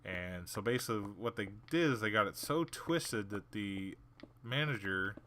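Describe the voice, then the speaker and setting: Gamer guy chatting over gameplay, lowish voice but bright and punchy, sarcastic storyteller. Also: moderate pace, slight background noise. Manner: animated, acts out the people in his story; blunt, sarcastic about people. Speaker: gaming channel host. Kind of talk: casual storytelling while playing a game.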